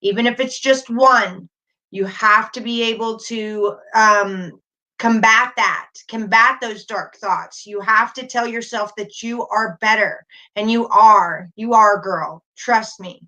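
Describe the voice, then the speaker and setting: Middle-aged woman chatting live, bright voice, a bit high, comforting tone. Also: slow. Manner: warm, reassuring, reads chat aloud. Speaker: livestream host. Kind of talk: casual live chat.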